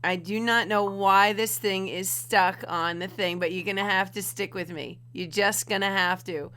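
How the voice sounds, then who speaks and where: A woman's voice: mid-range voice, fairly even intonation, normal speed, bright, forceful tone. A woman hosting a casual livestream from home, chatty and fumbling with her setup. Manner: chatty, giggly, fumbling with tech. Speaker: livestream host.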